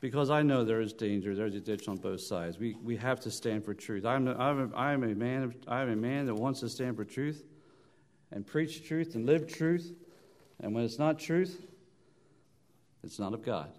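A man preaching a sermon at an evening church service, his voice of middling pitch. He tells stories, often restarts and repeats words, climbs loud on emphasis and then drops low and soft. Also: normal speed. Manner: storytelling, rising loud on emphasis and dropping soft.

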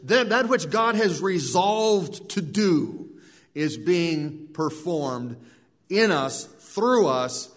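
A man's voice: on the high side, animated, very slow. A man preaching a sermon in an earnest way, often repeating words and restarting phrases. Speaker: pastor.

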